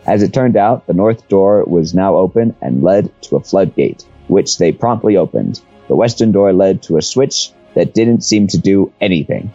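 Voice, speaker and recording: A man reading a story aloud in a steady, flat way. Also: deep voice, normal speed, hardly any pauses, husky, no room sound, soft background music. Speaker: reader. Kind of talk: comedic dramatic reading. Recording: dull, dry lo-fi mic.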